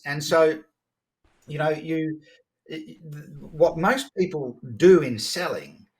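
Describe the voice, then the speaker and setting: A man, a podcast guest telling stories about sales in a lively conversational way, often restarting his sentences. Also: a little high. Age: 50s. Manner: animated, quick to act out dialogue, frequent restarts. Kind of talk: conversational storytelling.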